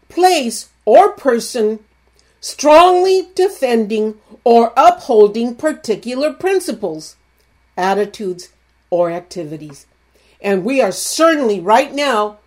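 A woman preaching with a fairly high voice. Her delivery is emphatic and animated, and she often stops to ask "Amen?" as she drives her points home. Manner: emphatic, punctuates points with 'Amen?'; animated, acts out quoted voices. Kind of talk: sermon.

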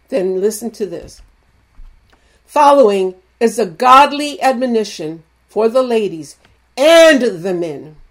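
A woman preaching with a fairly high voice. Her delivery is emphatic and animated, and she often stops to ask "Amen?" as she drives her points home. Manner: emphatic, punctuates points with 'Amen?'; animated, acts out quoted voices. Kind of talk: sermon.

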